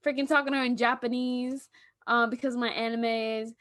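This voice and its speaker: Young female podcast co-host, high voice, animated storyteller, dry close sound. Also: fairly quick, no room sound. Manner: animated storytelling, acting out quotes with laughs. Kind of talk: casual chat.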